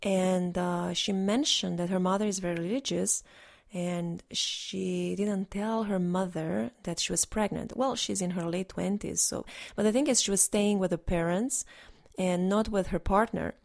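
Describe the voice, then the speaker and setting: Gravelly-voiced earnest woman healer. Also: on the low side, fairly even intonation, measured pace, a little mellow. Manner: earnest and instructive, rambling with restarts. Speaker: energy healer. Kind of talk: casual spoken monologue.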